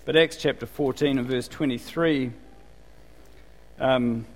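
A man's voice: mid-range voice, slow. A man from New Zealand with a New Zealand accent, preaching in a casual, conversational way and asking the congregation questions. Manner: chatty, asks the congregation questions. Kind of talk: conversational sermon. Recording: long reverb of a hall.

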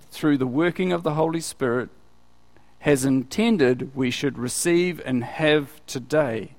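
Man preaching in a reverberant hall. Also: on the high side. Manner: asks the listeners questions. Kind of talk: conversational Bible teaching.

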